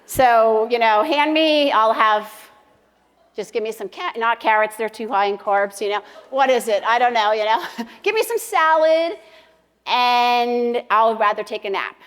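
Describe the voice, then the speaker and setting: A high-pitched woman gives a casual devotional talk at a church ladies' gathering. She is chatty and self-deprecating and jokes easily with the room. Her voice carries a long reverb from a big sanctuary. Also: measured pace, fairly bright tone. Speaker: speaker at a church ladies' meeting. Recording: long reverb of a large hall.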